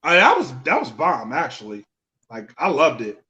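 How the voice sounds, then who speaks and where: A young man co-hosting a podcast, telling a story in an animated, profane, laughing way. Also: a little high, normal speed, echoey room. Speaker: podcast co-host. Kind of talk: casual chat, storytelling. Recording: slightly dull lo-fi podcast audio.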